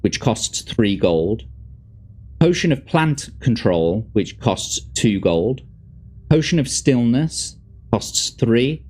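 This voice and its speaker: A man's voice: medium pitch, slow, breathy edge. A man hosting a show, reading a fantasy gamebook aloud to a guest and chatting casually between the passages. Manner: lively, expressive reading with relaxed asides. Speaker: host and gamebook reader.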